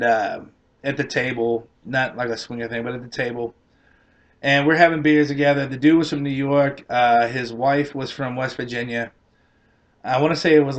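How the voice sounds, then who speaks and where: Through dull-sounding audio, a medium-pitched man with a Boston accent rambles through a foul-mouthed comic tale. The comedian keeps cracking up at his own punchlines as the rant goes on.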